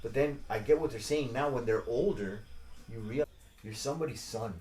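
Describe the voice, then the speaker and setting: A man's voice: medium pitch, fairly quick, darkish tone. Profane storytelling man in a roomy room. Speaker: podcast host. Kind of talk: casual chat. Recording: roomy echo.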